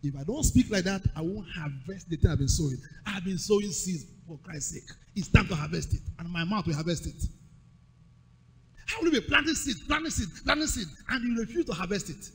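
Man, preacher, sermon, high voice, swooping delivery, rhythmic repetition. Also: expressive, a little fast, in a large hall, noisy background. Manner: call-and-response preaching, emphatic, rhythmic repetition.

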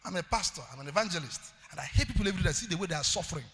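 A male pastor preaching a sermon, calling out to the congregation and building up to loud shouted declarations. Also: high voice, lively intonation, racing, big-room sound. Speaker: pastor, evangelist.

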